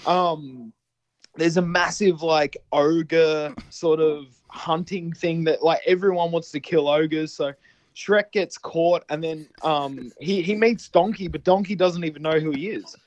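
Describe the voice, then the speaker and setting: A man recounting a film plot in rambling, animated casual chat, swearing freely. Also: fairly high pitch, a little slow, no echo, muffled recording.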